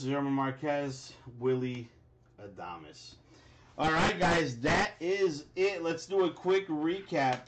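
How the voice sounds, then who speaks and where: A man's voice: fairly high pitch, a little hiss or hum. A man hosting a live sports card break, reading off player names as he opens packs and reacting to big pulls. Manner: rattles off player names, bursts into excited exclamations. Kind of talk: live card-pack opening commentary.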